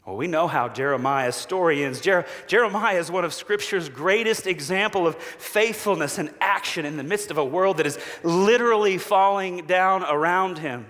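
A man preaching a sermon as a pastor, measured and slow with long pauses, falling to a hushed voice for quoted promises. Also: high-pitched. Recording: long hall reverb.

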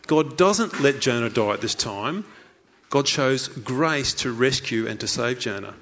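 A man's voice: mid-range voice, expressive, unhurried, gravelly, fairly bright tone, a little hiss or hum. Earnest preacher man, muffled recording. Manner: earnest preaching, rhetorical questions, acts out inner thoughts. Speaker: pastor. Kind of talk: sermon.

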